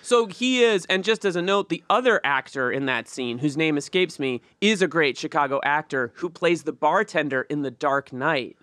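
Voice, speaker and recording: A man's voice: on the high side, normal speed, few pauses, fairly bright tone, no room sound, clean studio sound. A man from New England co-hosting a movie podcast, chatting casually with lots of "like" fillers. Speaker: podcast co-host. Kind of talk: casual film discussion.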